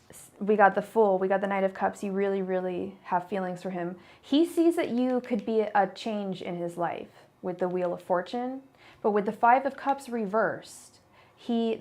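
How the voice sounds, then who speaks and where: Young woman, tarot reader, casual livestream chat, gravelly fry in her voice, rambling, lots of fillers. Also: medium pitch, a little mellow. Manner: chatty, apologetic, full of fillers and restarts.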